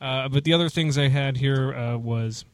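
A man's voice: medium pitch, moderate pace, smooth, no echo. A man hosting a casual podcast chat, rambling with lots of restarts and fillers. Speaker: podcast host.

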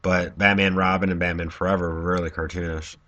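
A man's voice: deep voice, fairly quick, highs cut off. A man co-hosting a podcast, chatting casually about movies and asking follow-up questions. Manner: relaxed, asks follow-up questions, laughs easily. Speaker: podcast co-host.

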